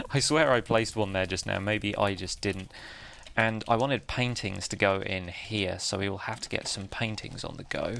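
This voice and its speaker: A man with a low, gravelly voice talks through his gameplay in a relaxed, chatty way. He laughs at himself a lot. Faint keyboard clicking sits under his voice. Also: unhurried, a little hiss or hum. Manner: chatty, self-deprecating, laughs often. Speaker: Minecraft let's-play host. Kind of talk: casual gameplay commentary.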